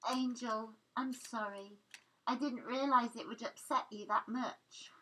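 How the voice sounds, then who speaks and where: Brief: woman reader playing a mocking, arrogant young man, clipped and unhurried. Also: on the high side, fairly even intonation, a bit bright, voice pushed up, low-quality recording. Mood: soothing.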